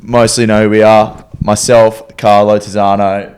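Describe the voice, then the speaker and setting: A young man in his twenties hosting a casual podcast chat, relaxed and steering the conversation. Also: lowish voice, unhurried, smooth. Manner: relaxed, laughing, leads the talk. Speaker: podcast host, rugby player.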